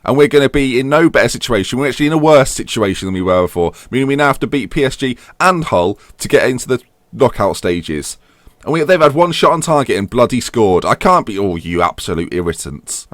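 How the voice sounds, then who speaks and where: A young man commentates on his football manager save in a lively, animated voice that rises and falls all over the place. His voice sits fairly low, and the recording is dry and close with no room sound. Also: no echo. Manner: animated, swings from grumbling to yelling at goals. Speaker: gaming YouTuber. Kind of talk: commentary while playing a football manager game.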